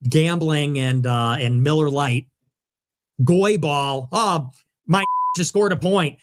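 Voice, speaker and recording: A man ranting sarcastically on a livestream, sneering and dismissive as he talks. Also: measured pace. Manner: sneering, sarcastic, swings up and down in pitch. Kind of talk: clipped livestream rant.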